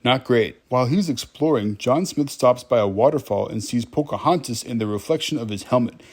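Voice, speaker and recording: A man's voice: mid-range voice, a little fast, a little mellow. A man giving a casual, wry movie recap, chatting directly to his viewers.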